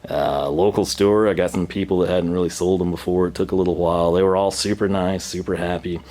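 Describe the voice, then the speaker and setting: A man's voice: low-pitched, fairly even intonation, a little fast, mellow. A man hosting a casual vlog, rambling through a story, laughing often and acting out quoted voices. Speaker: channel host.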